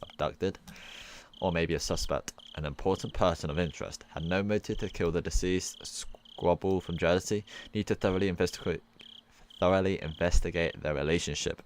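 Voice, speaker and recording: A man streaming, reading a visual novel's text aloud, halting and restarting often, with laughing asides. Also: sits low, slight background noise.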